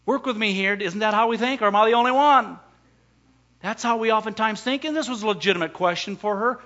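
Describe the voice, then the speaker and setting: High, bright-voiced preacher man. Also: fairly quick, lo-fi sound. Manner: emphatic preaching with rhetorical questions to the congregation. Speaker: pastor. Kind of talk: sermon.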